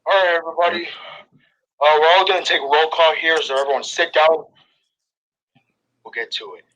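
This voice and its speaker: A man's voice: on the high side, brisk, bright, forceful tone, lo-fi sound. A man voicing a weary adult teacher who takes roll call and snaps at noisy pupils. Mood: exasperated. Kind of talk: voicing game characters aloud.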